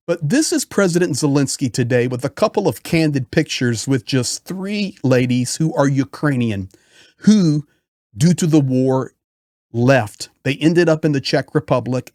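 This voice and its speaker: A man's voice: fairly high pitch, darkish tone, no room sound. Frustrated male political commentator, dry sound. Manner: frustrated, emphatic. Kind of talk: impassioned video commentary.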